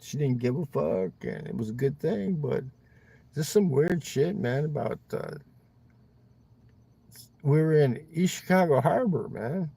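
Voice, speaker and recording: A man's voice: fairly high pitch, lively intonation, unhurried, gravelly, pauses often, mellow, breathy edge, no room sound. A man livestreaming from inside his car, chatting loosely with viewers, rambling and swearing, ending lines with "man". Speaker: livestream host. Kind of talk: casual chat with viewers.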